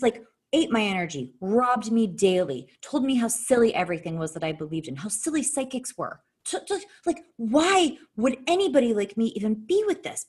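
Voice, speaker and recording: A woman telling a personal story in casual talk, blunt and profane, her voice jumping sharply in pitch. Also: slightly rough. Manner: animated, with sharp jumps in pitch.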